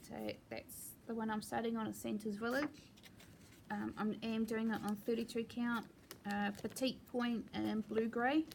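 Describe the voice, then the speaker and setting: A chatty woman talks casually at home, relaxed and full of little asides. Her voice sits a touch high and has a gravelly, creaky edge. A faint hiss runs under the recording. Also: a little slow. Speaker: cross-stitch vlogger. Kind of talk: casual show-and-tell chat.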